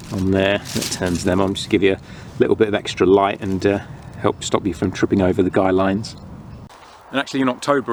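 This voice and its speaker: A man's voice: on the low side, slight background noise. A young man chatting outdoors at a winter woodland camp, rambling through stories in a casual way. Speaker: outdoor vlogger. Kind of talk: casual chat.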